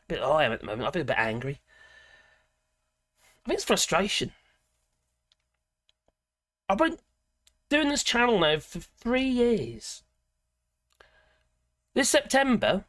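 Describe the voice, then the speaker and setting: A livestream host, a woman, talking in a loose, rambling way full of restarts and laughs. Her pitch swings up and down a lot. The sound is dry and close. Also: sing-song, a little slow, pauses often, fairly bright tone, no room sound. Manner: rambling, chatty, self-interrupting with frequent laughs. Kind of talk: casual live chat reading viewer comments.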